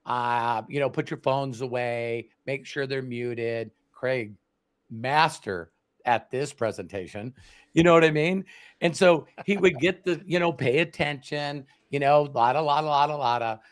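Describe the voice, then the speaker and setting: A man in his sixties, hosting a livestream, who tells animated stories and acts out quoted voices. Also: medium pitch, measured pace. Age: 60s. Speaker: host. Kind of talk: casual panel talk on a livestream.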